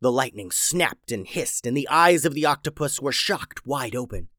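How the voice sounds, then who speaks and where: A man narrating a children's adventure story in an animated, dramatic way. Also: mid-range voice, moderate pace, no room sound, clean studio sound.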